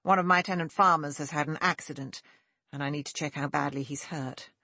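A woman's voice: low voice, steady tone, brisk, pushed and bright, breathy edge, dry recording, heavily acted. A woman voicing a kind, assured young male lord who speaks formally and courteously, in an audiobook. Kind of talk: audiobook character voice.

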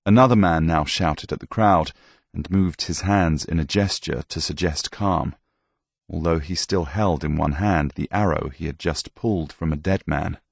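A man reading a novel aloud with measured, even storytelling, close to the mic. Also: extremely low pitch, creaky, dry recording. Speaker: audiobook narrator. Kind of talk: scripted narration.

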